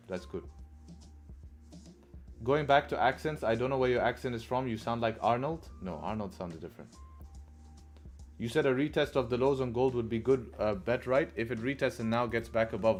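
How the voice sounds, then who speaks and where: Faint music sits behind a man's mid-range voice as he hosts a live trading stream, talking a bit quickly. The tone is conversational, his points often ending in "right?", with crude asides sprinkled in.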